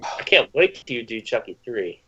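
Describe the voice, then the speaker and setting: A man in his twenties, excitable and swearing freely, chatting casually during a movie commentary. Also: mid-range voice, moderate pace, husky, muffled recording. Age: 20s. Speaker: commentary guest.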